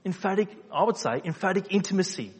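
A man preaching a sermon, asking rhetorical questions and repeating phrases for emphasis, moving between quiet low stretches and loud emphatic peaks. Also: expressive, fast talker, slightly rough. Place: church hall. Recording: reverberant hall.

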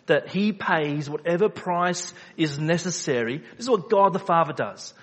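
A man preaching a sermon to his congregation, with a somewhat raised pitch and a slightly husky tone. He poses rhetorical questions and repeats key phrases, dropping quiet and low, then rising loud and emphatic. His voice carries a long reverb from the hall. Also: animated, normal speed. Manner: swings between quiet, low passages and loud, emphatic peaks. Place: church hall.

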